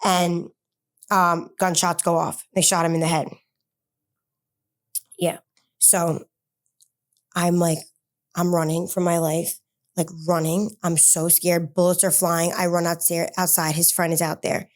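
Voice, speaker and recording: Halting woman telling her story. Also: fairly low pitch, little pitch movement. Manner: halting, many fillers and restarts. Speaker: interview guest. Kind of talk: personal story told in an interview.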